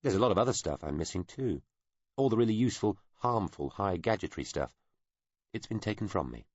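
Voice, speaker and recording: A man voicing a cool, guarded female agent who answers tersely and wryly, in a low husky tone. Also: lively intonation, fairly quick, darkish tone, dry recording, dull audio. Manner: dry, terse, wry.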